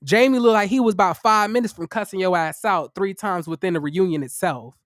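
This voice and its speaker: A man hosting a livestream review of a reality show, tired, talking casually to his viewers in a profane, incredulous, animated way. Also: high voice, fairly quick, no echo, clean studio sound. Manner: chatty, addresses viewers as y'all.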